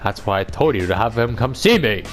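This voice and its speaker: A gruff middle-aged father who guards his daughter, as a man puts him on while reading a game. He grumbles in firm, blunt phrases with a lively pitch, over faint music. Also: brisk, close to an everyday voice. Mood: grumbling.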